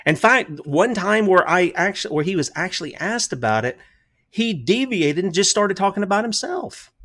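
A man's voice: high-pitched, very animated, normal speed, fairly bright tone. Emphatic man firing rhetorical questions. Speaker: commentary show host. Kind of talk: casual political commentary.

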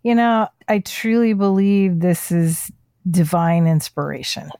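A woman's voice: lowish voice, a little slow, mellow, dry recording, clean studio sound. A woman hosting a heartfelt casual conversation, speaking in a soothing, affirming way.

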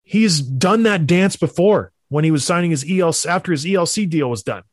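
A young adult man hosting a sports talk show, emphatic and animated, with mocking asides. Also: a little high, a little fast, no room sound, studio quality. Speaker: sports podcast host. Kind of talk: opinionated hockey talk.

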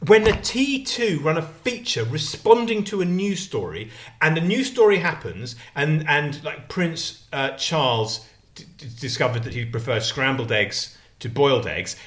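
A man's voice: a little high, sharp tone. A middle-aged man co-hosting a podcast, bickering in casual chat with a sweary, mock-exasperated, jokey manner. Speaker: podcast co-host and columnist.

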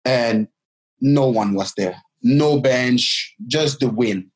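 A man, telling a personal story in a halting, casual way with many restarts. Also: mid-range voice, rough recording. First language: French. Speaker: guest telling his life story.

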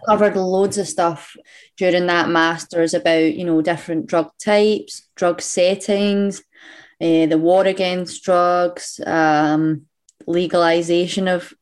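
A young Scottish woman speaks in a lowish voice as a guest on a casual podcast. She is chatty, laughs easily and fills her pauses with "um". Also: steady tone, a little mellow, clear, resonant tone. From Scotland. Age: young adult.

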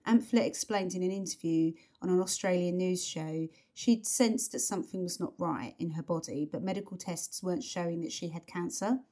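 A woman's voice: on the low side, moderate pace, few pauses, warm tone. A woman co-hosting a podcast, chatting casually about a song, rambling with lots of fillers and restarts. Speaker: podcast co-host.

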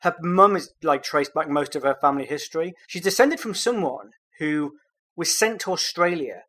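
A man from England hosts a casual comedy podcast. He riffs with dry, teasing humour. His delivery is conversational and relaxed. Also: on the high side, moderate pace. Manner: dry, joking banter. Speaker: podcast host.

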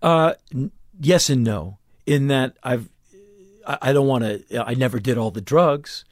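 Speaking at a measured pace, this fifty-something musician sits for a casual interview in a garage home studio. His mid-range voice comes through dry as he relates stories in a blunt, intense way, frequently starting over.

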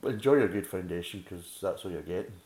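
A man's voice: low-pitched, fast, a little mellow, roomy sound. A Scottish man giving a casual beer review, ranting bluntly and swearing a lot. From Scotland.

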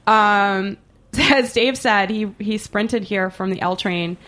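Woman podcast host, fast excited chatty talk, laughs a lot, mid pitch. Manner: quick, excitable, laughs often. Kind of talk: casual chat. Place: studio, live show.

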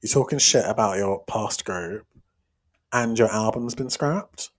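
A young man co-hosting a podcast in casual chat, teasing and exclaiming with sudden pitch jumps. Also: unhurried. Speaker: podcast co-host.

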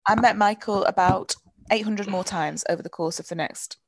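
A woman's voice: mid-range voice, brisk, dry recording. A young woman from Preston, co-hosting a casual chat and telling stories animatedly, acting out voices and swearing freely. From Preston, England. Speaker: podcast co-host.

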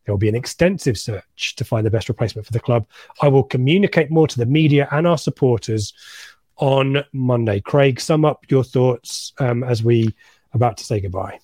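A man's voice: mid-range voice, moderate pace, a little mellow, dry recording, studio quality. A man hosting a casual football chat show, joking and reading out listener comments. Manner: chatty, jokey, reads listener comments. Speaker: podcast host.

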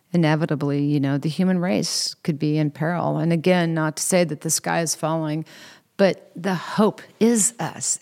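A middle-aged woman with a notably low voice, chatting as an interview guest. She tells her stories casually and animatedly, acting out what others said. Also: creaky. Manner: lively anecdotes with quoted voices and laughter. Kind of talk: casual storytelling.

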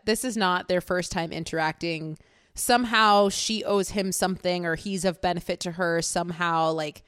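A woman in casual podcast chat, talking through a film scene by scene. Her voice turns animated whenever she acts out a character's lines, and she laughs often. The sound is close and dry. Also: mid-range voice, clear, resonant tone, no echo. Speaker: podcast co-host.

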